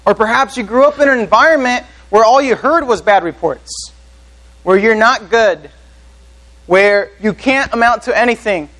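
High-voiced man preaching a sermon. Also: normal speed, a bit bright, low-quality recording. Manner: earnest preaching, asks the congregation questions. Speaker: pastor.

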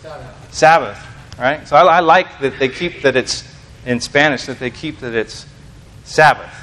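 A man's voice: mid-range voice, measured pace, fairly bright tone, slight background noise. An American man giving an informal sermon to a small congregation, rambling and self-deprecating, full of fillers and restarts. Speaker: lay preacher.

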